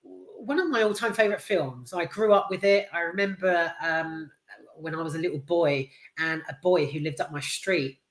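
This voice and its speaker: A man's voice: on the high side, moderate pace, fairly bright tone. A British man reviewing a film in a loose, offhand ramble, swearing freely and talking candidly. His voice carries a noticeable room echo, as if recorded in a bare space. He sounds unscripted and chatty rather than polished. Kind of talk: casual spoken film review. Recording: roomy echo.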